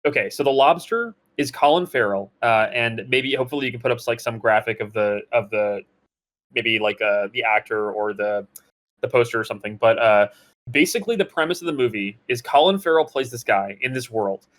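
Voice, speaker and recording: A man co-hosting a casual gaming podcast, telling a story in an animated way with many fillers and restarts. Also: mid-range voice, brisk. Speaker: podcast co-host. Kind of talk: casual chat.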